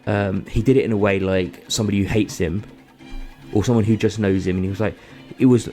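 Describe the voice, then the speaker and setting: Male podcast co-host, low gravelly mellow voice, rambling story delivery, faint music behind. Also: fairly even intonation, a little fast. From England. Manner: rambling, filler-heavy storytelling. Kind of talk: casual chat.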